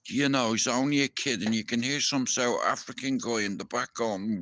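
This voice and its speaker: A man's voice: mid-range voice, normal speed, few pauses, a bit bright, dry recording. A young Irish man ranting to his viewers in a heated, profane live-stream monologue. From Ireland.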